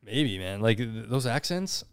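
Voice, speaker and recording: A man with a Canadian accent hosting a casual podcast chat, joking and animated, quick to laugh. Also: mid-range voice, clear, resonant tone, no room sound, clean studio sound. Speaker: podcast host.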